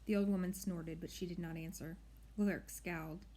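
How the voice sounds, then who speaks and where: A woman narrating an audiobook in a measured, expressive storytelling way. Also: on the low side. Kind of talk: audiobook reading.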